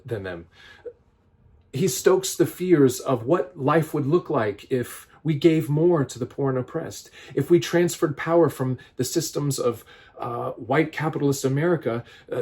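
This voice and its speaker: A man reading scripture aloud and explaining it in an earnest, critical commentary, pausing often and restarting his sentences. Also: medium pitch, darkish tone. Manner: reads scripture aloud, then explains it with many restarts and fillers. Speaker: vlogger giving political commentary.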